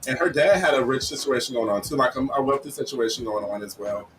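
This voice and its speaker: A man co-hosting a casual radio chat show, talking bluntly and profanely and telling stories in an animated way. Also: mid-range voice, fast, a little hiss or hum. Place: radio studio. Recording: distant mic with music behind.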